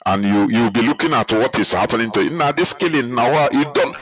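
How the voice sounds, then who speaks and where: A man with a Nigerian accent giving heated political commentary, emphatic and repetitive, his pitch climbing as he presses his points. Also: lively intonation, brisk, fairly bright tone, poor audio. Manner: angry, emphatic, repeats himself, rises in pitch. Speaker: commentator reacting to a clip.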